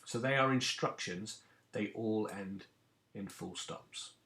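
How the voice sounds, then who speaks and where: A man's voice: fairly low pitch, slow, vocal fry, a bit bright. A man, a teacher giving a recorded lesson to children and explaining each step patiently. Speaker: primary school teacher.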